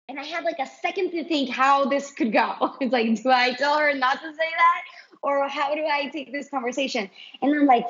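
Animated woman with a higher voice. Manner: animated storytelling, quick bursts. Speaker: guest, artist and mother. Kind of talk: casual podcast conversation. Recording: dull lo-fi recording.

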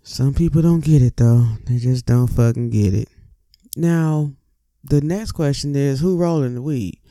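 A man in casual, profane, rambling talk to camera, speaking with lively asides. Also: medium pitch, unhurried, no echo, studio quality. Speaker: cannabis vlogger.

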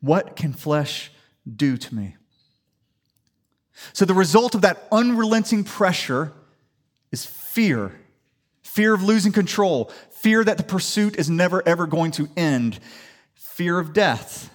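A man from the Atlanta area preaches a sermon. His voice sits a little high, and it swings between quiet scripture reading and loud, animated declarations. He sounds like a pastor talking to his congregation. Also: slow pace, long pauses. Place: church sanctuary.

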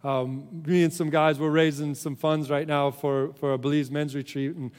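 A man in the pulpit, a pastor preaching a sermon with a fairly high voice that carries a long reverb through the hall. He talks in an earnest, conversational way, restarting his phrases often, and moves between emphatic peaks and quiet, low moments. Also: flat delivery, moderate pace, smooth.

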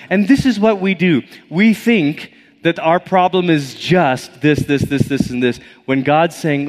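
A man's voice: a little high, moderate pace. A male pastor delivers a sermon with a slightly raised voice, switching into acted-out inner voices as he tells a story. He is a little out of breath. His words ring with the long reverb of a church hall.

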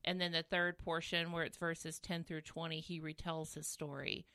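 A woman's voice: deep voice, level tone, moderate pace, sharp tone, no echo, studio quality. Encouraging woman hosting a podcast. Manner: encouraging, recaps and prompts with questions. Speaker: podcast host. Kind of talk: podcast conversation.

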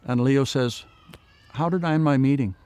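A man's voice: medium pitch, moderate pace, darkish tone, clear, resonant tone. A man giving an earnest personal testimony in an interview, retelling past conversations with many "I said" tags. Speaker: guest sharing his faith story.

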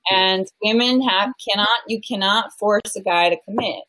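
A woman in her mid-thirties speaking at an everyday middle pitch, talking frankly as a relationship coach in an interview. She is animated and goofy, jumps into tangents and leans on "you know" and "like" as she goes. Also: normal speed, poor audio. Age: 30s. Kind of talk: candid conversational interview.

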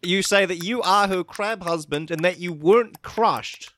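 A man's voice: high-pitched, unhurried, fairly bright tone, slight background noise. A young man with a New Zealand accent improvising a comedy sketch as a mock news reporter.

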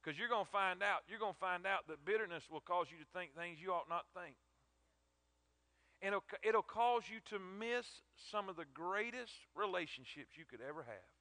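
Preacher guy, high voice, emotional, repeats himself a lot, dry sound. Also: expressive, moderate pace, pushed and bright, no echo. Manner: emphatic, repetitive, emotional. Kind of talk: sermon.

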